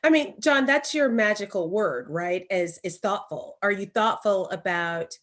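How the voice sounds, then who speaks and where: A woman from Alabama with a Southern accent, co-hosting a podcast and telling stories in an emphatic, animated way. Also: medium pitch, unhurried. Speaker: podcast co-host. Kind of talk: casual conversation.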